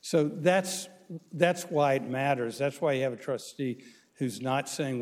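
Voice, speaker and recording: A man arguing a case as a lawyer before a court, measured and halting with frequent restarts. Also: medium pitch, in a large hall. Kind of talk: courtroom oral argument.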